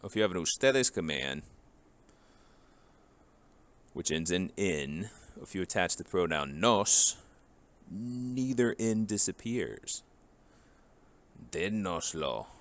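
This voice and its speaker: Very deep-voiced man teaching a lesson. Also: lively intonation, a little slow. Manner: casual and joking, drills forms one by one. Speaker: Spanish teacher. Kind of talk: recorded grammar lesson.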